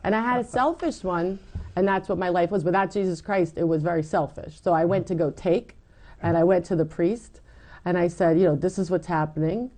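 A middle-aged woman giving her personal testimony in an interview, animated and acting out what people said. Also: lowish voice, fairly quick. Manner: animated storytelling, acts out quoted lines. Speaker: guest telling her faith story.

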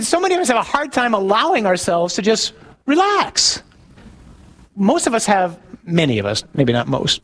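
A man's voice: high voice, a bit bright. A man, a priest giving a conversational sermon who asks his listeners questions, tells jokes and laughs at his own stories.

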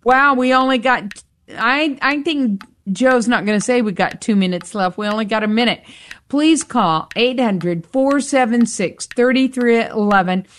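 A woman's voice: on the high side, unhurried. A woman co-hosting a live radio pledge drive, steadily repeating the phone number and reading donor notes. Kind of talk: live radio fundraising chat.

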